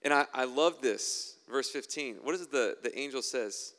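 A man's voice: medium pitch, normal speed, fairly bright tone, clear, resonant tone, long reverb tail. A man preaching a sermon and reading scripture aloud, conversational with wry asides.

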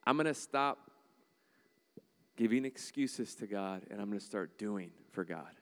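A man preaching a sermon in an animated, joking way, acting out little voices as he goes. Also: on the low side, measured pace, clear, resonant tone. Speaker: pastor. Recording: long hall reverb.

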